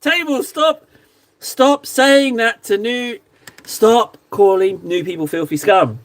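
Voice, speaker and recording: A man casually chatting to his stream viewers while painting models, joking around and sometimes mock-shouting at them. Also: high voice, slow. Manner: playful, jokey, mock-shouts insults at viewers. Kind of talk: casual live-stream chat.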